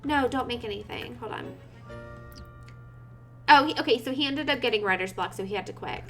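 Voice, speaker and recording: A woman's voice: on the high side, animated, brisk, soft background music. A woman giving casual gameplay commentary, chatty and giggly, talking to her game characters and her viewers. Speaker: gaming video creator.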